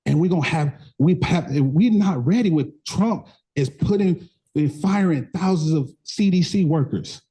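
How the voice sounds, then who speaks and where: At a community political meeting, a young candidate delivers a passionate campaign speech before answering questions, repeating phrases and filling gaps with fillers. His fairly high, mellow, slightly rough voice is animated and unhurried, with hardly any pauses, on a low-quality recording.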